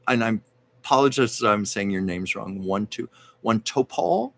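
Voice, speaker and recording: A man hosting a casual live stream and giving card readings, talking in a measured, reassuring way with frequent hesitations. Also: lowish voice, animated, creaky, fairly bright tone.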